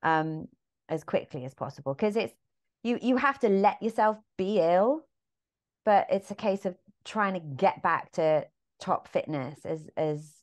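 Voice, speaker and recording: A woman with an English accent, a musical theatre actress chatting as a podcast guest and telling lively anecdotes, acting out the lines she quotes. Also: on the low side, measured pace. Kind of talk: casual anecdotal chat.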